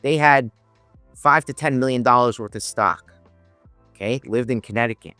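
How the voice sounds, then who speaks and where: A man's voice: medium pitch, normal speed, sharp tone, clear, resonant tone, no echo. Man, podcast guest, casual storytelling, rambling restarts, dry close sound, faint music behind. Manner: rambling, many restarts, acts out quoted dialogue. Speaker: podcast guest, options trader.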